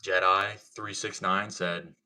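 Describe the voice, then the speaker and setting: Low-voiced, bright-toned man chatting on a livestream. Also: flat delivery, slow. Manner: laid-back, profane, slangy, lots of "like" and "bro". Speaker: livestream host. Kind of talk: casual livestream storytelling and chat.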